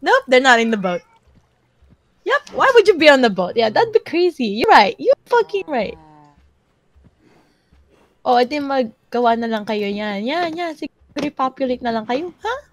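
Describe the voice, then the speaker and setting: A young Filipino woman with a Filipino accent, giving profane, dramatic commentary and shouting at animals in a game. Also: high voice, very animated, normal speed, long pauses, dry recording. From Philippines. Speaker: gamer. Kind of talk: casual gameplay commentary.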